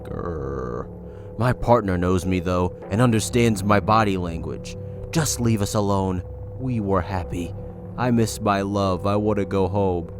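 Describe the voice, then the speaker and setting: A man's voice: on the low side, unhurried, music in the background, natural voice. A man reading as a sad pleading dog. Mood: plaintive.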